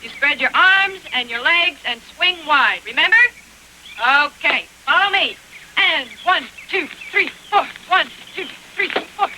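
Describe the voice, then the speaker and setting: An actress playing a brisk exercise instructor who calls out the counts. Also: female voice, high-pitched, lively intonation, bright, forceful tone, a little hiss or hum, full character voice. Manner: counting beats, commanding.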